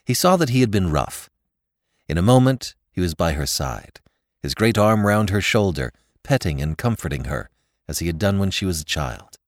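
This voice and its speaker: A man narrating a classic story with an expressive, dramatic reading. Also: deep voice, moderate pace, no echo, studio quality.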